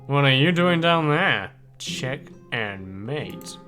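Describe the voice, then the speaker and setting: A woman doing a gruff doll-turned-man. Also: extremely low pitch, lively intonation, takes it slowly, pitched below the performer's own voice, heavily acted. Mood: deadpan. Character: middle-aged man, former porcelain doll. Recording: loud jazz game music behind.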